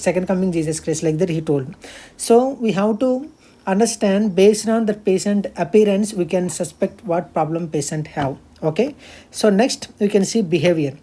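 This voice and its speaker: A young woman delivers a recorded medical exam-prep lecture. Her voice sits on the low side and sounds mellow and warm. She explains point by point, often pausing on "uh" and "like" and restarting her phrasing. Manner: explains step by step with many fillers and restarts.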